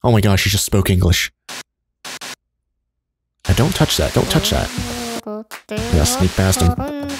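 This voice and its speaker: A man giving excitable gameplay commentary, reacting loudly and laughing often. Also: mid-range voice. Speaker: let's play gamer. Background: game music.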